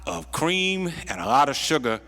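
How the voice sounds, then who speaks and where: A man's voice: a little high, very animated, moderate pace, creaky, sharp tone, long reverb tail. A pastor preaching a sermon, repeating words as he builds a point and dropping in folksy asides. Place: church sanctuary.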